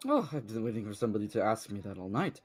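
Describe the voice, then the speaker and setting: A man's voice: lowish voice, very animated, fast talker. A man voicing a carefree, cheeky tavern reveler with a playful, teasing manner during in-character tabletop role-play.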